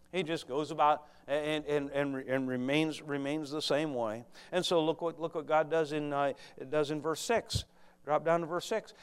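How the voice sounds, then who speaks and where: A fervent male preacher whose high voice rings clear and smooth. He preaches to his congregation, moving between hushed asides and loud, urgent exhortation. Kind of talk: sermon.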